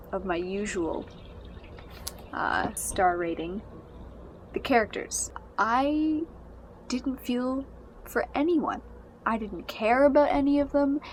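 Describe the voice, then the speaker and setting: A woman's voice: medium pitch, slight background noise. A young woman giving a casual, exasperated spoken review of a book and its movie adaptation. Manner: exasperated, ranting.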